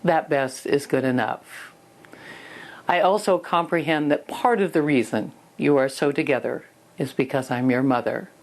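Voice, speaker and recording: Low-voiced older woman teaching parents. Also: moderate pace. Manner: earnest storytelling, acts out scenes. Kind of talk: parenting lesson with personal stories.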